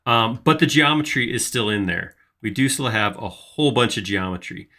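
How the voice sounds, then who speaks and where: A man's voice: mid-range voice, moderate pace, pushed and bright. A man hosting a live 3D modeling tutorial, casually thinking aloud as he works. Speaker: host modeling in 3D software.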